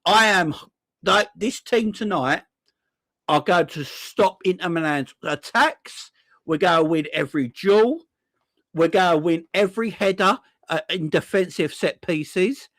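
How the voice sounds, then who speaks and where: A man rants about his team in sarcastic, repetitive bursts, swearing freely as he goes. His voice sits a touch higher than most men's, and the recording is dry and close, with no room sound. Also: a little slow, a bit bright, dry recording. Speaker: football fan channel host. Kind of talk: ranting fan commentary.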